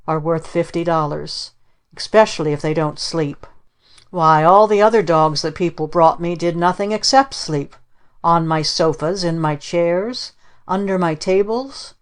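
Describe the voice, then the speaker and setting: A woman's voice: lowish voice, lightly acted. A woman reading the part of a proud, flustered lady in a storybook, prim and earnest.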